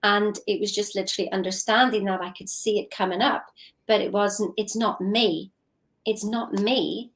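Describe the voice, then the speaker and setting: Woman co-host for a relaxed live chat, earnest and reflective, mid-range voice. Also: medium pitch, moderate pace. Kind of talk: casual chat on a live stream.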